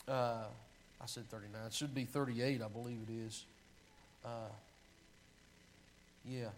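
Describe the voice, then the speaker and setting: A man's voice: mid-range voice, fairly even intonation, measured pace, slight background noise, rough recording. A man preaching a sermon, reading long scripture passages aloud in a pleading voice and often stopping to correct himself while finding his place. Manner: reads scripture aloud with pleading, sinking delivery; restarts and self-corrections while finding verses.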